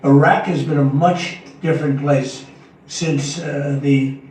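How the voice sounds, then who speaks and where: A man's voice: on the high side, fairly even intonation, slow pace, darkish tone, distant mic. Older man, rambling, in an echoey room. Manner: rambling, repetitive, emphatic. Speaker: president answering press questions. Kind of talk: press conference remarks. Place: large formal meeting room.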